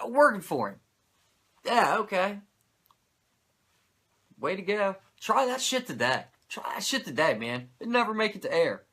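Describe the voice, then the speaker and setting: On his casual wrestling recap podcast, this man speaks in a high-pitched, bright, forceful voice. His talk is packed with swearing and "like" fillers, broken up by rants of disbelief.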